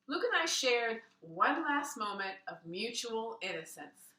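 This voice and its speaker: Expressive woman reading aloud with asides; lively pitch, distant roomy mic. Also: unhurried. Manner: expressive, adds asides and laughs. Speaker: reader. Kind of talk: reading a children's book aloud.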